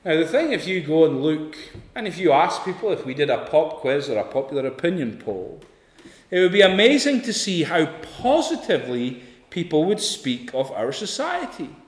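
Male preacher, higher voice, emphatic delivery, reverberant hall sound. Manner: emphatic, rising to loud peaks, dropping to hushed lines. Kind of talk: evening sermon. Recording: echoey hall, long reverb.

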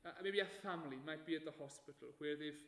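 High-voiced preacher in an echoey room. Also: male voice. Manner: measured, emphatic, slowing on key phrases. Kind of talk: sermon.

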